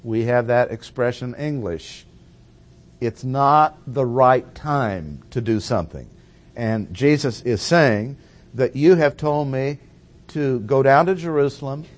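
A man preaching a measured expository Bible teaching, stressing and repeating key phrases. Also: medium pitch.

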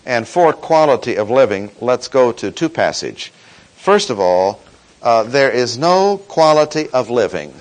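Man, sermon, measured emphatic teaching, pitch rising and falling a lot. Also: rough recording. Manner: measured, emphatic teaching with slow stresses on key words. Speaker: preacher. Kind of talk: expository sermon.

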